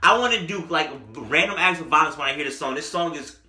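A man doing a comedic music review, riffing in a joking, exaggerated, animated way. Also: fairly high pitch, fast. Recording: echoey room.

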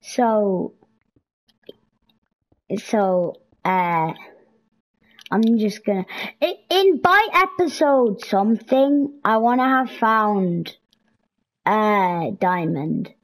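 A young woman giving casual, excitable commentary while playing a video game, pleading with and scolding game characters. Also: medium pitch, very slow, pauses often, poor audio. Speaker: gameplay streamer. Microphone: headset or console mic.

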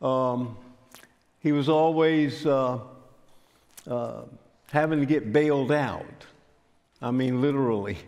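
An older man, telling a story in a sermon in a folksy, unhurried way. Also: medium pitch, darkish tone. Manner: folksy, unhurried, frequent fillers. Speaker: pastor. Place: church sanctuary. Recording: church hall with long reverb.

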